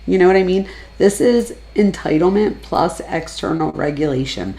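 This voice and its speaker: A woman's voice: fairly low pitch, normal speed, dark tone. A woman giving casual, analytical true crime commentary, chatting freely and lifting her voice when she quotes people.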